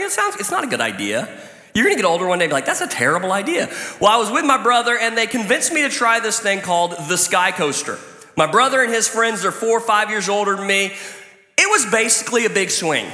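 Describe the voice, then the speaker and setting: Animated high-voiced preacher in echoey hall. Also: male voice. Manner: animated storytelling with loud outbursts. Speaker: pastor. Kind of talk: sermon. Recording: echoey hall, long reverb.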